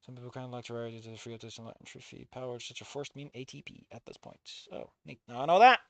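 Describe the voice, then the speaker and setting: A streamer reading a visual novel aloud in casual commentary, swearing often and swinging from low muttering to loud outbursts. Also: rapid-fire, creaky, dry recording. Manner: swears a lot, rants and self-mocks.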